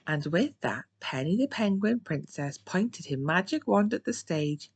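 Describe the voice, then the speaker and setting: A British woman reading a children's storybook aloud, slow and expressive. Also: fairly low pitch, breathy edge. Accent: British English. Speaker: children's book reader.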